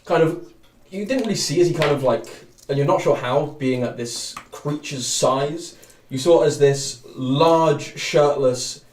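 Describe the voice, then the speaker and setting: Rambling game master in a roomy room. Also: male voice, fairly high pitch, a little slow, a little mellow. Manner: rambling, many fillers and restarts. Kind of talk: narrating a tabletop game. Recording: roomy, distant mic.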